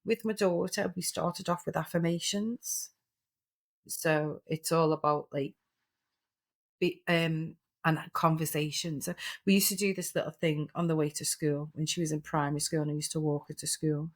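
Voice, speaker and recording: Earnest middle-aged woman coach, lowish voice with little lift, practical examples. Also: steady tone, normal speed. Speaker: therapeutic coach, podcast guest. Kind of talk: reflective interview talk.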